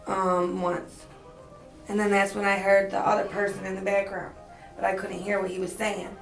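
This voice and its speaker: A woman answering a detective's questions as a witness, in flat, short answers. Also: medium pitch, normal speed, creaky, faint music behind. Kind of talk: police interview answers. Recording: distant echoey interview tape.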